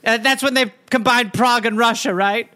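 A man's voice: very high-pitched, fairly even intonation, a little fast, pushed and bright, clean tone. A man co-hosting a comedy podcast, riffing and joking in casual chat.

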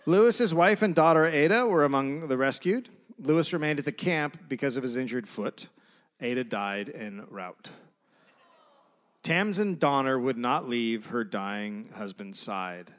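A man co-hosting a comedic history podcast, reading out old quotes and breaking into shouted silly voices. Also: medium pitch, expressive, unhurried. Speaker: podcast co-host.

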